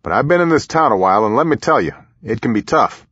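A man voicing a brisk, friendly older male president with a chummy, folksy manner, in a slightly muffled recording. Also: medium pitch, animated, a bit bright, breathy edge, no room sound. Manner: chummy, back-slapping, quick asides.

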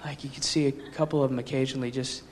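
Performing a stand-up set before a live club crowd, a comedian speaks fast in a mid-range, level voice. He wanders off on tangents with wry, laughing asides amid the room's noise.

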